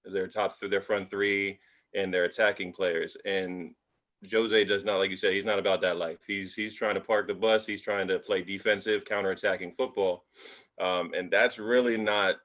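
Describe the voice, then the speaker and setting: A man co-hosting a casual sports podcast, relaxed and filler-heavy as he gives his view. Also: sits low. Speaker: podcast co-host.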